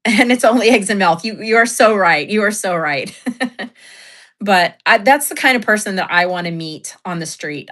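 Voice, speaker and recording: A woman hosting a relaxed livestream, chatting straight to her viewers. She tells stories in a loose, talkative way, laughs often, and answers the chat as she goes. Her voice sits at an ordinary middle pitch for a woman. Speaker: livestream host.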